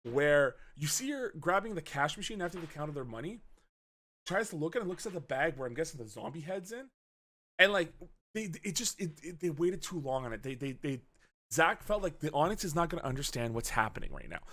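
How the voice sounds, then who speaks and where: A man talking through a movie on a casual podcast, his voice bright and forceful. His pitch jumps up and down a lot as he gets into it. He swears freely and slips into quick voices for the characters. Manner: animated, swears often, acts out scenes with quick voice changes. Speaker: podcast co-host. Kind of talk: casual movie review chat.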